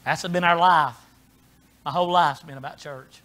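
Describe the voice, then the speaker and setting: High, bright-voiced preacher man. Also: fairly even intonation, normal speed. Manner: folksy, swings from soft asides to shouted preaching. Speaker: pastor. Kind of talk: sermon.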